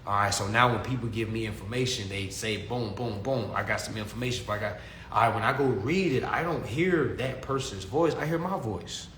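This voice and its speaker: A man's voice: on the low side, a little fast, a bit bright, a little hiss or hum. A young man teaching consumer law in a casual, preachy talk to his followers, repeating himself and calling them family. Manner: preachy, repetitive, calls listeners family. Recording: echoey room with faint ambience.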